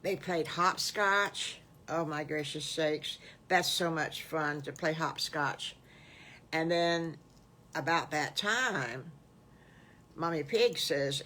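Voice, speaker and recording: An older woman, a great-grandmother, improvising a children's story in a gentle, folksy, homespun way. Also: sits low, slow pace.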